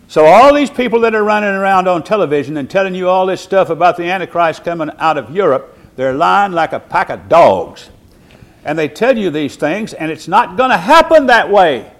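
Animated preacher man. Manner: swings from low and quiet to loud and high, preaching; slow, deliberate emphasis with repeated words. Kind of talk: sermon.

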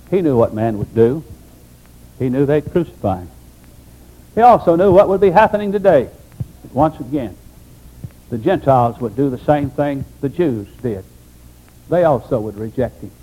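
A man pastor preaching an emphatic sermon, dropping low for solemn points. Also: dark tone, rough recording.

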